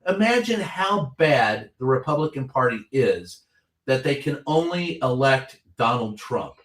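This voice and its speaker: A man's voice: medium pitch, very animated, a little slow, a bit bright. A seasoned male reporter with a mid-range voice talks in blunt, heated bursts and swears without hesitation. The room around him is echoey. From Kentucky. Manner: blunt, ranting, swears freely. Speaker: veteran White House reporter, guest. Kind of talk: impassioned political talk.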